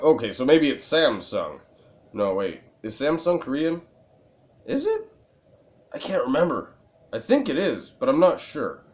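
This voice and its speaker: A man's voice: mid-range voice, sing-song, unhurried, long pauses. A man casually commenting while playing a video game, a little tipsy, rambling and joking at his own expense. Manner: rambling, self-mocking, laughs at his own jokes. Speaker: gaming video creator. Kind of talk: let's-play commentary.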